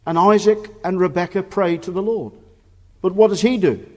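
A male preacher delivering a sermon with earnest emphasis, pressing his listeners with rhetorical questions. His voice sits a little high for a man and rings out in the long reverb of a church hall. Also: normal speed.

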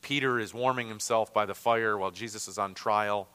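A man with a Great Lakes American accent teaching a Bible lesson in an easy, conversational way, often pausing on fillers and restarting his sentences. His voice is bright and carries, and it rings out with a long reverb like a large hall. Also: lowish voice, steady tone, smooth.

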